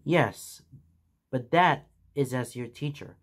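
A man voicing a weary, solemn older mentor hero in a fan fiction reading, speaking slowly and gravely. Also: mid-range voice, natural voice. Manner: grave, slow and deliberate.

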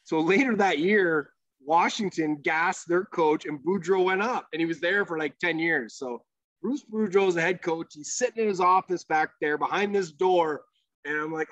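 A man with a slightly higher voice tells a long, rambling hockey story as a podcast guest. He swears casually and fills his sentences with "like" and "you know." The recording is dry and somewhat muffled, like lo-fi podcast audio. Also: normal speed, a bit bright, no echo. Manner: profane, rambling storyteller with many fillers.

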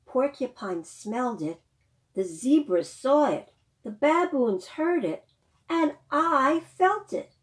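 Woman doing a steady storybook rhino. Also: high-pitched, takes it slowly, pitched above the performer's own voice. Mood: earnest.

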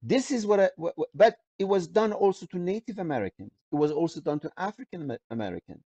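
A man from Iran, a professor and interview guest, talking about scholarship in a passionate, emphatic way with frequent restarts and lively swings in pitch. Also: quick pace, slightly rough, no echo, dull audio. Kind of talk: animated scholarly discussion.

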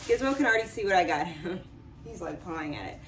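A young woman talking casually to camera in her home as a vlogger, chatty and animated. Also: on the low side, fast, recorded from a distance, a little hiss or hum. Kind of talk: casual vlog chat to camera.

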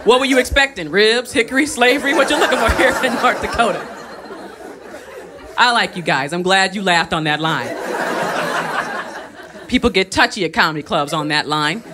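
A woman stand-up comedian performing a live set on a club stage, moving between loud punchlines and quiet asides. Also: medium pitch, normal speed, pauses often, over a noisy crowd. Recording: live club recording, audience laughter and noise.

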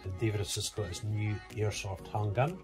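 A man's voice: fairly low pitch, fairly even intonation, fairly quick. Chatty man vlogging over music. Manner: chatty, keeps addressing viewers as guys. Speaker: family vlogger and father. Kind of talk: casual vlog chat to viewers. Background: background music.

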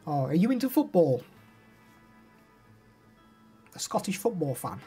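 Husky streamer chatting casually. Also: male voice, on the high side, big pitch swings, a little fast, mellow, soft background music. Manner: chatty, rambling, reads out chat messages. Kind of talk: casual live stream chat.

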